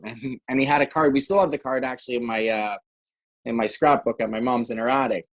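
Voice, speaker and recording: A man's voice: medium pitch, steady tone, brisk, rough recording. A middle-aged man from Canada, a former hockey player telling stories on a podcast in a rambling way, with many restarts. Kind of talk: casual storytelling.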